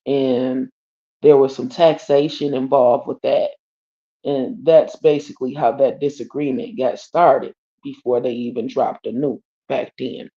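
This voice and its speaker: Woman talking straight to her viewers, cussing, low-ish warm voice, kinda muffled stream sound. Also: fairly even intonation, a little slow. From Detroit, USA. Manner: blunt, profane, slangy storyteller who addresses viewers as y'all. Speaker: livestream host. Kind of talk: casual storytelling tribute. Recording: dull lo-fi stream audio.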